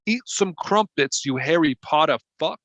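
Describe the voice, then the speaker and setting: A man doing an improvised impression of a crude, boastful Southern ex-president, drawling slow brags and rude insults in a Southern accent. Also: fairly high pitch, animated, a bit bright, a little hiss or hum, poor audio. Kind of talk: improv comedy.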